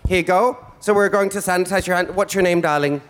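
A man's voice: sits high, quick pace, clean tone. A man performing in drag as host of a stage comedy show, flamboyant and teasing in a theatrical way. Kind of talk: campy stage stand-up. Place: stage before a live audience.

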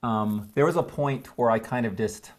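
A middle-aged man, a guest in a conversation, earnestly telling a personal story with frequent restarts and filler words. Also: mid-range voice. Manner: earnest, halting, with many restarts and "you know".

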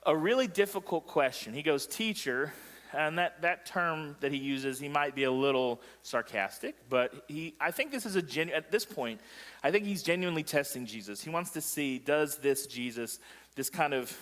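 A man's voice: on the high side, expressive, normal speed, fairly bright tone, big-room sound. A male pastor preaching a sermon in a joking way, quizzing the congregation as he goes. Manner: joking, asks the congregation questions. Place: church sanctuary.

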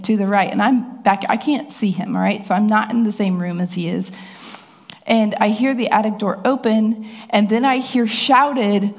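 Chatty woman pastor telling a story. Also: a little mellow. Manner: chatty storyteller, asks the crowd questions; acts out voices with rising pitch. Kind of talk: sermon with a personal story. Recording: long hall reverb.

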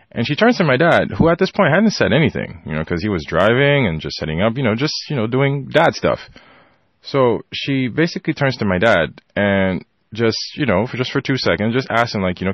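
A man with a low voice tells a rambling personal anecdote, slipping in filler phrases and acting out his family's lines. The recording is dry and a bit dull, with a lo-fi sound. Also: big pitch swings, normal speed, no room sound. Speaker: storyteller. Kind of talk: personal anecdote told to an audience.

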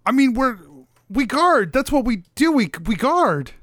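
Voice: high-pitched, very animated, measured pace, dry recording, voice pushed up. A game master voicing a flustered, defensive city guard who stammers while getting out-argued.

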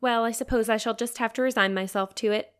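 A woman doing a gentle, admiring teenage girl. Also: on the high side, steady tone, quick pace, clean tone, lightly acted. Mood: fond.

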